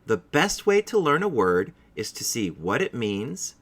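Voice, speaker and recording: Animated male English teacher. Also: medium pitch. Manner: clear, deliberate, encouraging teacher delivery. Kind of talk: scripted vocabulary lesson.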